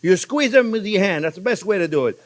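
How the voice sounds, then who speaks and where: Lively French chef, high expressive voice. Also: male voice, fast talker. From Provence, France. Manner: animated and chatty, talks to viewers as friends. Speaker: cooking show host. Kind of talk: casual cooking demonstration. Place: home kitchen in Florida.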